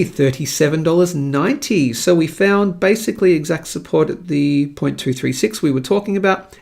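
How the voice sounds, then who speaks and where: A man's voice: a little high, gravelly. A man with an Australian accent hosting a live market show, chatting in an upbeat, jokey way. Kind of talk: casual live-stream commentary.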